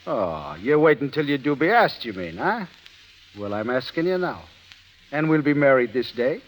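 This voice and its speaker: A man's voice: mid-range voice, very animated, normal speed, big-room sound, natural voice, rough recording. A man playing a hot-headed sailor. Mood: bantering. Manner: lilting Irish turns of phrase, blustering. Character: brawling Irish sailor, hot-headed and ardent. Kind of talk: 1930s radio drama acting.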